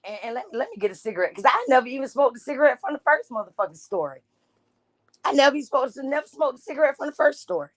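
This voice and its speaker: A woman's voice: sits high, sing-song, quick pace, no echo. A woman from Jacksonville, reacting to a news clip in a blunt, heated, profane rant. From Jacksonville, Florida.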